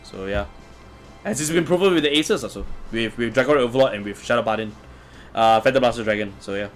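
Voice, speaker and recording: A man's voice: medium pitch, fast. Chatty male streamer over faint music. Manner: chatty, answers viewer comments with frequent chuckles. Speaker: livestream host reading chat. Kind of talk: casual live-stream commentary.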